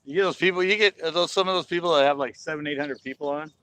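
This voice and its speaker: On a fishing livestream at a lake, a man chats casually into his phone camera and laughs often. His voice sits on the high side, a bit bright, and he talks fast, with no echo on the recording.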